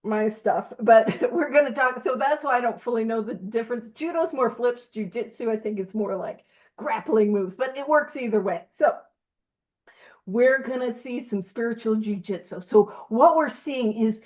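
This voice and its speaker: High-voiced chatty woman leading a study. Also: moderate pace, a little mellow, rough recording. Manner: chatty and self-deprecating, laughs often. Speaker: study group leader. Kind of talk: casual teaching and reading aloud.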